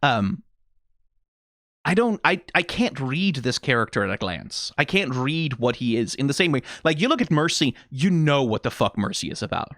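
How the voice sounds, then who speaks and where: A man's voice: medium pitch, sing-song, normal speed, fairly bright tone, no echo, studio quality. A man with a Danish accent giving casual, rambling commentary as a reaction YouTuber, swearing and firing off rhetorical questions. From Denmark. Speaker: video game reaction YouTuber.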